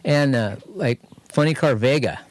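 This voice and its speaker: This podcast co-host is a talkative Californian whose mid-range voice comes across dry, with no echo, from a home studio. He takes his time, rambling through animated garage anecdotes and giving the people he quotes spirited voices.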